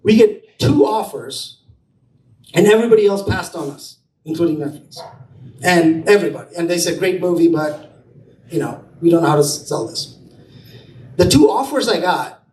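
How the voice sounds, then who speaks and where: Man telling a lively story in an echoey room. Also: on the high side, normal speed, pauses often, recorded from a distance, slight background noise. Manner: animated storytelling, acting out quotes. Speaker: film producer. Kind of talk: storytelling talk at an event. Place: event space.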